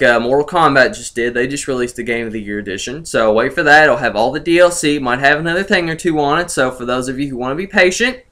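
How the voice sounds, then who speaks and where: Young male gaming vlogger, sarcastic and gloating, bright, slightly high voice. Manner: sarcastic, gloating, laughs incredulously. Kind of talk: ranting video commentary.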